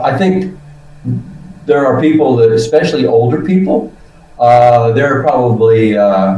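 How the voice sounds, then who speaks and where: A man in his seventies talks in a loose, rambling way, acting out his own reactions and dropping the odd swear word. His voice is dark and mellow, and it sits back from the mic in a room with a strong echo. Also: mid-range voice, far from the mic. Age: 70s. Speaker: guest. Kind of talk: casual testimonial chat.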